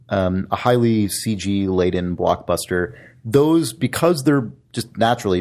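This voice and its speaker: A man's voice: fairly low pitch, darkish tone. A man co-hosting a casual podcast chat, explaining his view step by step and hedging as he thinks aloud. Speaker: podcast co-host.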